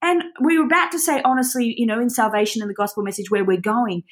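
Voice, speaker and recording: Passionate, fairly high-voiced woman teaching scripture. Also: steady tone, fast talker. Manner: passionate, conversational, rambling with restarts. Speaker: Bible teacher. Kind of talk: informal Bible teaching.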